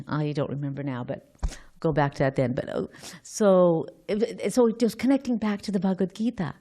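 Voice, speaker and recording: A woman's voice: low voice, a little mellow. A woman giving an informal scripture class, thinking aloud, quizzing her listeners and often restarting her sentences.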